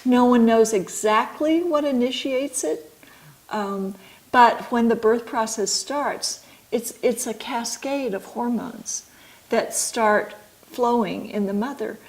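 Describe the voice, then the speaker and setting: A middle-aged woman, an author and midwife, explaining her ideas slowly and thoughtfully in an interview. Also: on the high side, rough recording.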